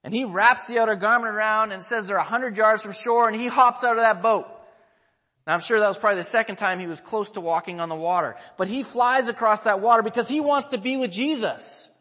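A man's voice: high-pitched, fairly quick, pushed and bright, in a large hall. A man in his thirties, a pastor preaching a sermon, telling a story and asking the listeners questions.

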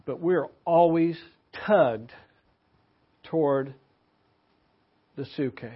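A man's voice: on the high side, drawn-out words. An older man giving a sermon in a church, teaching in a conversational way and asking the congregation questions. His voice sounds slightly muffled. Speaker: pastor. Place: church meeting room.

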